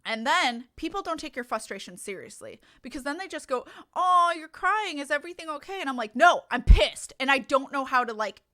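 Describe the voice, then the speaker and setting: A woman's voice: a little high, sharp tone. A young adult woman streaming a game, chatting candidly with her viewers, swearing freely and laughing often. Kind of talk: casual chat with stream viewers while gaming.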